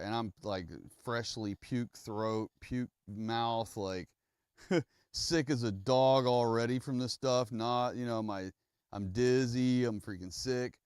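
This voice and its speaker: A man's voice: medium pitch, measured pace, clean tone, no room sound, clean studio sound. A man streaming, talking in a casual, rambling monologue that often corrects itself mid-sentence. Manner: rambling, self-correcting storyteller.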